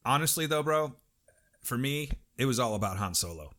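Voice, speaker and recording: An American man co-hosting a podcast, hoarse and losing his voice, talking fast and casually with apologetic asides. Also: medium pitch, expressive, a bit bright. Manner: quick, talkative, apologetic asides. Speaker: podcast co-host. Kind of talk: casual chat.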